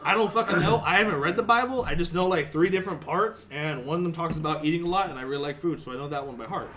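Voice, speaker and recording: A man's voice: fairly high pitch, fast talker, background noise. A man co-hosting a casual podcast chat, swearing often and acting out quotes as he tells stories. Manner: profane, animated storytelling with acted-out quotes. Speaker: podcast co-host.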